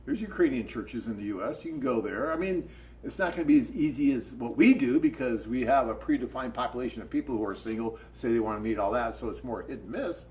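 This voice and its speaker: An American man co-hosting a live dating-agency Q&A, telling stories in an animated, chatty way. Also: mid-range voice, fast talker, rough recording. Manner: animated storyteller, chatty and upbeat. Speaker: co-host of a dating agency webcast. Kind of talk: casual live Q&A chat.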